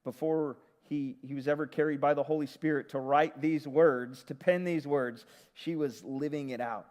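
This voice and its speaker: A man preaching a sermon as pastor, retelling a story in a conversational, lively way. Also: a little high, moderate pace, in a large hall.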